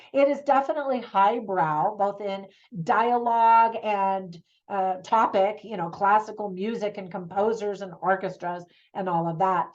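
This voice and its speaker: A middle-aged woman gives a scripted movie review, upbeat and chatty, sometimes laughing at her own jokes. Her voice sits at an ordinary pitch for a woman. The recording sounds a little dull and muffled. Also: unhurried, darkish tone.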